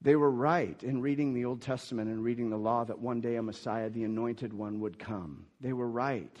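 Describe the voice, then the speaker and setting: A man preaching a sermon, telling the story with sudden swings between loud emphasis and hushed asides. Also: medium pitch, normal speed, long reverb tail, highs cut off. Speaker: pastor.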